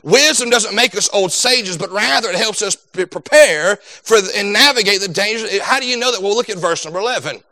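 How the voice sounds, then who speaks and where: Animated young preacher, high bright voice. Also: male voice, brisk, few pauses, no room sound. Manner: animated, acts out quoted voices. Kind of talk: sermon.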